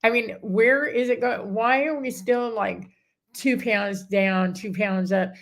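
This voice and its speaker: A woman's voice: medium pitch, takes it slowly, fairly bright tone. A middle-aged woman telling her personal story in a casual chat, rambling and often breaking off mid-sentence. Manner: rambling, self-interrupting, acts out others' words. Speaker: guest.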